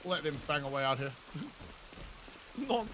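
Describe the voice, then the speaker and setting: A man's voice: fairly high pitch, animated, unhurried, background noise. A man in his thirties with a New Zealand accent, chatting with viewers in casual, jokey gameplay commentary, laughing often and swearing freely. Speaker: game streamer.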